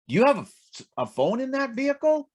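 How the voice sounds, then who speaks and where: A man's voice: extremely high pitch, huge pitch swings, moderate pace, pitched above the performer's own voice, heavily acted. A man voicing a boastful male Texan driver in a joke, asking teasing questions.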